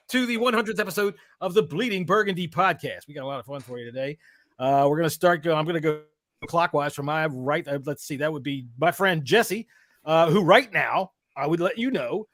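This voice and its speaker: A man's voice: a little high, animated, brisk, a bit bright, no room sound. A man hosting a casual podcast on a video call, teasing his guests in an upbeat emcee style. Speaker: podcast host. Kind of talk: casual chat.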